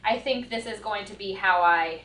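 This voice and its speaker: A woman's voice: medium pitch, moderate pace, fairly bright tone, roomy sound. A young woman chatting casually in her home kitchen, nervous and giggly, restarting her sentences as she talks. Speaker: homestead vlogger.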